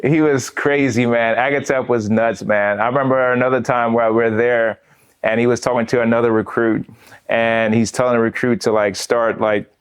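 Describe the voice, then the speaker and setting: A man from the United States telling his own story in a casual interview, animated and quick to laugh, often dropping the word "man" between phrases. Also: medium pitch, clean tone. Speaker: veteran guest.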